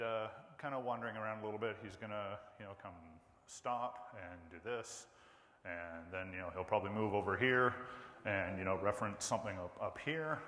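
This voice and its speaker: A man's voice: on the low side, a little fast, big-room sound, a little hiss or hum. A man running a sound check on stage, counting into the microphone and walking through the event's run of show. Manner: counting into the mic, demonstrating loud and soft speech. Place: large event hall with a stage.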